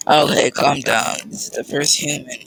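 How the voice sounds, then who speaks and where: Cast a man voicing a brisk classroom teacher, gravelly and businesslike. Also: mid-range voice, steady tone, a bit bright, low-quality recording. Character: schoolteacher, brisk and mildly exasperated.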